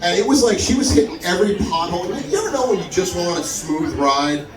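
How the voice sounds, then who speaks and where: Animated man doing stand-up in an echoey club. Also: quick pace, loud music behind the voice. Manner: animated, acts out quotes with big pitch jumps. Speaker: stand-up comedian. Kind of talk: stand-up storytelling. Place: comedy club open mic. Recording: echoey room, mic from far, crowd audible. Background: audience laughing.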